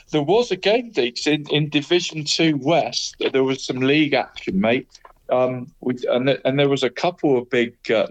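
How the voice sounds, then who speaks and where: A man's voice: medium pitch, lo-fi sound. A man co-hosting a casual football chat, rambling through results and tagging nearly every phrase with "mate". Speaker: co-host giving local football results.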